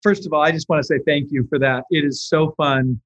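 A man's voice: fairly high pitch, fairly even intonation, fairly quick, highs cut off. A male interview guest explaining business ideas in an earnest way, often repeating words as he starts his sentences. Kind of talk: conversational interview.

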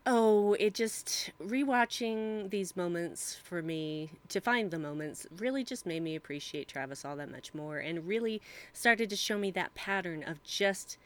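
A woman's voice: on the low side, expressive, measured pace, hardly any pauses. A woman co-hosting a podcast, chatting casually, giggly and gushing, laughing often. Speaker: podcast co-host. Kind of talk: casual chat.

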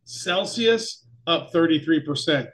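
A man's voice: fairly high pitch, lively intonation, slow pace, a bit bright. A man co-hosting a casual crypto podcast, playful and rambling as he reads off the weekly winners. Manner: playful, rambling, self-mocking. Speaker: podcast co-host.

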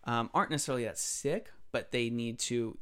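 A man's voice: mid-range voice, fairly quick, pushed and bright, clean tone. A young man, an emergency tech, explaining hospital routines in a rambling, self-correcting podcast chat. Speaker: EMS trauma tech, podcast guest. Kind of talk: casual podcast conversation.

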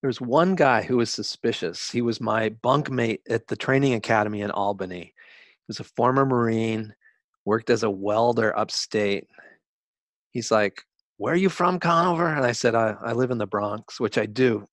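A man in his sixties, a guest writer telling stories in an interview, reflective and halting, with frequent restarts. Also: lowish voice, steady tone, no room sound, clean studio sound. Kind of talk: interview conversation.

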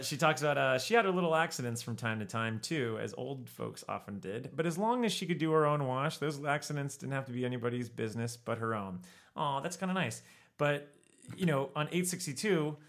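A man hosting a casual book podcast, reading passages aloud in a halting way with many fillers. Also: mid-range voice, a bit bright. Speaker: podcast host.

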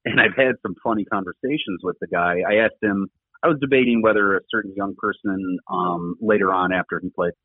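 Middle-aged ex-coach, low husky voice, earnest and rambling, heard over a thin phone line. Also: male voice, a little fast, no echo. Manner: earnest, rambling with many fillers. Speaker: former rugby coach, podcast guest. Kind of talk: casual conversational interview talk. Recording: tinny phone-line audio, dry.

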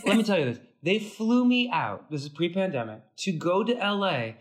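A man chatting as an interview guest, with a fairly high voice. He tells his stories in quick bursts and acts out every quoted line. His speech is loose and full of restarts. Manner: animated, acts out quoted dialogue with big pitch jumps; frequent fillers and restarts, fast bursts. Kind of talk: casual interview storytelling.

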